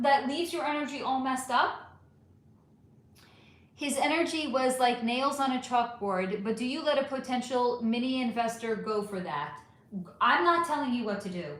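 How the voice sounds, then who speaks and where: A middle-aged woman hosting a casual livestream, reading chat comments aloud and ranting with plenty of swearing. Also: a little high. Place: home room. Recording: echoey room.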